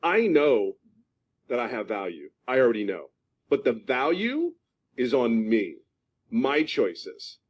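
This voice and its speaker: A man in his fifties from California gives a fervent testimonial about his work life. He is emphatic, circling back and repeating phrases to drive them home. His voice sits at an ordinary middle pitch. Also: sing-song, slow. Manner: emphatic, repeats himself for stress. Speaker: program member giving a testimonial. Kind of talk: passionate spoken testimonial.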